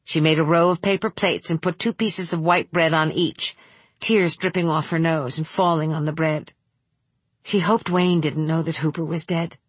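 A woman narrating a novel aloud in a measured, steady reading voice. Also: low voice, breathy edge, no echo. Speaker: audiobook narrator. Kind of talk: scripted narration.

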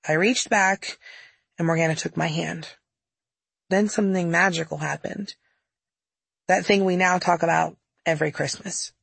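A woman's voice: low-pitched, gravelly, slightly rough, no room sound. A woman narrating her own audiobook memoir in a candid, wry storytelling manner, close to the mic.

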